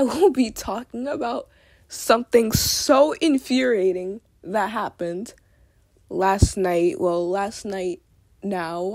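A teenage girl rants angrily to camera in a vlog, swearing heavily and saying "like" constantly. Her medium-pitched voice has vocal fry and a slightly mellow tone, with no room sound.

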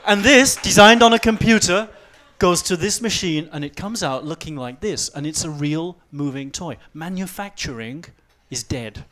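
A man in his forties giving a fast-paced, humorous talk on stage, swinging from quiet asides to loud outbursts. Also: a little high. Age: 40s. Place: event stage before a live audience.

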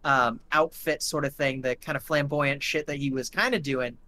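A man's voice: a little high, fairly even intonation, moderate pace, pushed and bright. A man narrating a live tabletop game as game master, rambling with lots of fillers.

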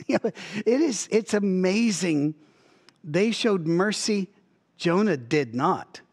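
Pastor, male, high voice, animated storyteller who slips into character voices mid-sermon. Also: a little slow. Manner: lively storytelling, acts out voices, chuckles often. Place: church.

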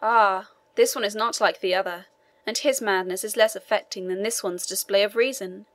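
A woman reads a weary prison governor, dry and dismissive as he explains an inmate's folly. The pitch is ordinary and middle, read in audiobook fashion. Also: steady tone, normal speed, fairly bright tone, lightly acted.

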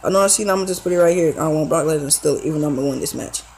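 Talking rapid-fire in a voice on the high side, a young man who makes gaming videos on YouTube calls his own wrestling game match. The slangy, excited commentary is packed with fillers, and the poor audio has a bit of hiss or hum.

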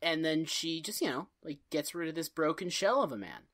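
A woman's voice: sits low, brisk. A woman on a comedy podcast, recapping an episode in casual chat, laughing often and acting out lines dramatically. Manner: expressive, laughing, dramatic acted-out quotes. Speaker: podcast co-host or guest.

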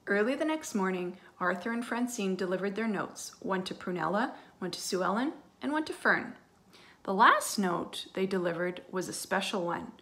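Bright-voiced woman reading a storybook aloud. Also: mid-range voice, expressive, moderate pace. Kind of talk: storybook read-aloud for children.

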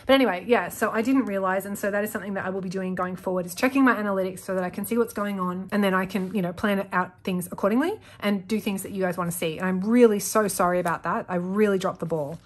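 Young woman, casual planner vlogger, rambles and self-corrects, mid-pitched. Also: quick pace, few pauses. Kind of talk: casual chatty narration while journaling.

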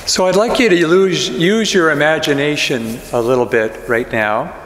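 A man's voice: on the high side, moderate pace, fairly bright tone. A man, a pastor, reading scripture and preaching, giving the quoted speakers their own voices. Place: church sanctuary. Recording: echoey church with long reverb.

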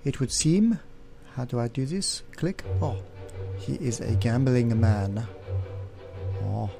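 A man casually playing a text adventure game, reading it aloud and thinking out loud as he clicks through. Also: medium pitch, takes it slowly, creaky, soft background music. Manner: chatty, unsure, thinking aloud. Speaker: let's play host.

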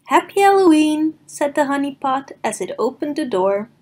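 A woman narrating a picture book aloud for preschoolers in a slow, sing-song manner. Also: high-pitched, a little mellow. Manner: slow, sing-song reading for small children. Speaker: storybook reader. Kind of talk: children's read-aloud narration.

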